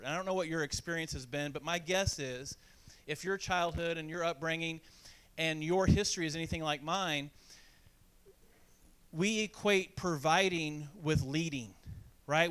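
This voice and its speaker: A man's voice: a little high, a bit bright, clear, resonant tone. A man from Indiana preaching a sermon, telling a self-deprecating childhood story and acting out the voices of the people in it. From Indiana, USA. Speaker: pastor.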